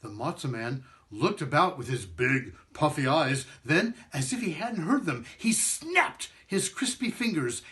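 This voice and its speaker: A man reading a children's storybook aloud with expressive, sing-song storytelling. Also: a little high, measured pace, hardly any pauses. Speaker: performing arts director.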